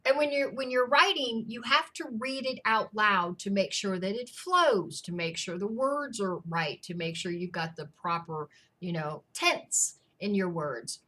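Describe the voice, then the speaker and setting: A woman's voice: mid-range voice, unhurried, bright, forceful tone. A woman co-author in a casual Q&A chat, telling stories in a chatty, amused way. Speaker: co-author answering reader questions.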